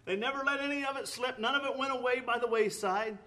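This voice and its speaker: A man's voice: extremely high pitch, fast talker, bright, forceful tone. A man preaching a sermon, earnest, with rising emphatic bursts, often repeating words and restarting phrases.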